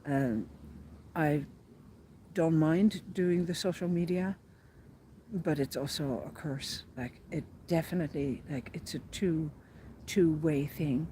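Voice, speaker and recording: A woman's voice: low voice, slow pace, mellow, slight background noise. A woman telling a personal diary vlog as a pilgrim, earnest and rambling, with many fillers and restarts. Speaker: pilgrim vlogger.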